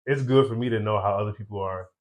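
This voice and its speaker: A young man talking as a guest in a casual interview, relaxed and laughing often, with easygoing slang. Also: on the low side, fast talker. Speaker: guest, eyewear brand founder.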